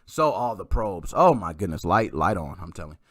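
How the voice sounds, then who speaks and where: A man hosting a podcast, telling a story in a casual, excitable way with some mild swearing. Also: low voice, fairly quick, no room sound, studio quality. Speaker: podcast host.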